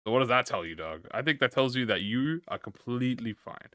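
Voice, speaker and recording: A man's voice: medium pitch, lively intonation, a little fast, fairly bright tone, no room sound, studio quality. A man livestreaming, chatting casually with viewers and reading a story aloud, stuttering and restarting often. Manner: encouraging, talks to chat with slang.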